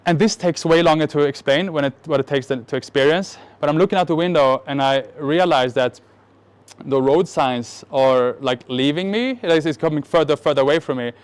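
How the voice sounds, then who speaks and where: A man from the Middle East, presenting at a marketing event, tells a personal story on stage to a live audience at a normal speed. His fairly high, smooth voice carries animated, self-mocking jokes and many restarted sentences.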